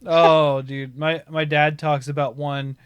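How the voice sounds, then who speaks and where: A man from Ohio, a podcast host, telling stories in casual chat and bursting into loud laughing shouts. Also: a little high, takes it slowly, clean tone, no echo. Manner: animated storyteller, swings into loud laughing shouts.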